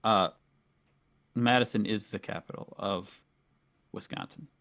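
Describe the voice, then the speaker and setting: Man, podcast co-host, deadpan, low-key, dry close sound. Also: measured pace, no echo. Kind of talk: comedic casual chat.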